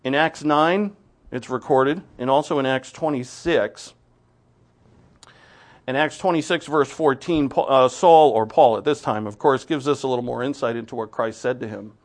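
A man preaching a sermon to his congregation, with joking asides to the listeners and lively emphasis. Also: mid-range voice, normal speed. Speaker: pastor. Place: church sanctuary.

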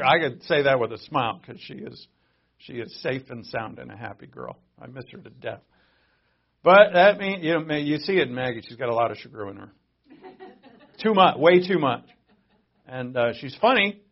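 A middle-aged man preaching a sermon as a pastor, conversational and joking, swinging between loud emphasis and quiet asides. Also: medium pitch, expressive, normal speed, gravelly, long pauses, breathy edge, dull audio.

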